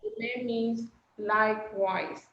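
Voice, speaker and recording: A woman teaching a language class over a video call, patient and slowing down to model phrases. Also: on the high side, steady tone, crowd noise. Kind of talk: online class instruction. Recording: echoey, dull lo-fi call audio.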